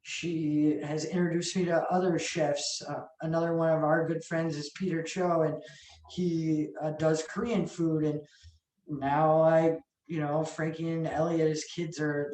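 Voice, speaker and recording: A woman restaurant owner telling stories in a casual interview, animated, swearing freely and acting out what people said. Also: low-pitched, slight background noise. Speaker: restaurant owner and sandwich chef. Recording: echoey room, mic far off.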